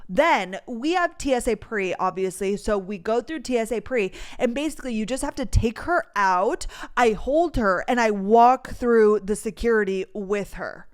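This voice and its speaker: Chatty young woman with a smooth voice. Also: a little high, expressive, normal speed, hardly any pauses. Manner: chatty, filler-heavy, emotional storytelling. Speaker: podcast host. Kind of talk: casual storytelling chat.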